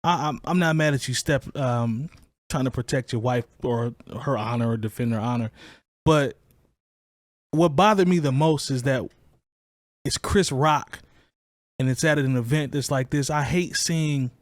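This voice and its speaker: A man's voice: mid-range voice, measured pace, no echo, clean studio sound. A man hosting a hip hop talk podcast, giving his opinions in casual chat with frequent restarts. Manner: conversational, opinionated, restarts a lot. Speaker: podcast host.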